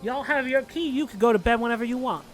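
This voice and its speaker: A woman's voice: a little high, quick pace, soft background music, pitched above the performer's own voice, lightly acted. A man doing a southern mama innkeeper. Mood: homely. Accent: American Southern. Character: motherly southern innkeeper woman, fussy and kind.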